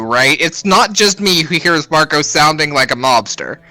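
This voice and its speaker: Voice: mid-range voice, expressive, sharp tone, low-quality recording. A co-host joking and teasing during a game stream. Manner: teasing, quick to laugh. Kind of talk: casual let's-play banter. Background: faint game music.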